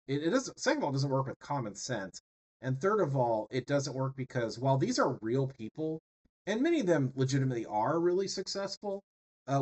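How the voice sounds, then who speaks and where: Male instructor, mid-pitched, conversational lecture delivery with frequent "right?" check-ins. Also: low-quality recording. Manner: conversational, many fillers and tag questions. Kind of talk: classroom lecture.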